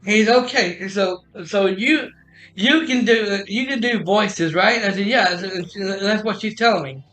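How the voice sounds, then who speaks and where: A man hosting a podcast stream, telling a long story in a halting way, restarting phrases and acting out what others said. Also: high voice, a bit bright, soft background music, rough recording. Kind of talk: casual rambling storytelling. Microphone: streaming mic.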